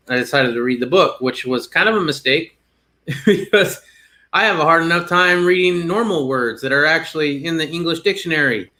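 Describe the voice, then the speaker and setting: A man's voice: fairly high pitch, pushed and bright. A man co-hosting a casual live chat, joking and laughing often as he talks. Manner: laughs often, jokey and loose.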